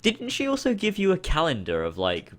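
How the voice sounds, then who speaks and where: A man co-hosting a casual podcast, laughing often and reacting with slow, drawn-out comments. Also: a little high, huge pitch swings, fairly bright tone. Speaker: podcast co-host. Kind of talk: casual chat.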